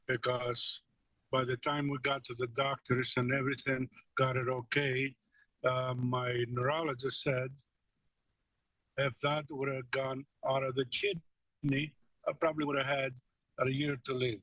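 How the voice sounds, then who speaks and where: A man with a mid-range voice speaks plainly, pausing and using fillers as he answers. The recording is dry and close. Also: medium pitch, level tone, fairly bright tone, no echo, low-quality recording. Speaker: patient. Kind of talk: interview answers.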